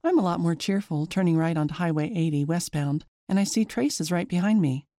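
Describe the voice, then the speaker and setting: A woman giving a chatty, lively first-person story narration. Her voice is mellow and mid-pitched, and the sound is close and dry. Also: fairly quick, no echo.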